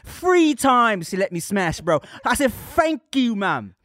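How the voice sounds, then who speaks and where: A swaggering young British lad, as a man puts him on, boasting with slangy bravado. His voice sits high and leaps all over the place. The sound is close and dry, with no room around it. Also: big pitch swings, slow, a bit bright, dry recording, exaggerated voice. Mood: boastful.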